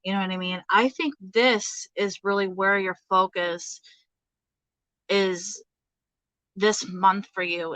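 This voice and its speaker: A woman's voice: medium pitch, bright, forceful tone, clear, resonant tone, dry recording, poor audio. A woman giving a casual tarot reading, chatty, with many fillers and frequent laughter. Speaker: tarot reader.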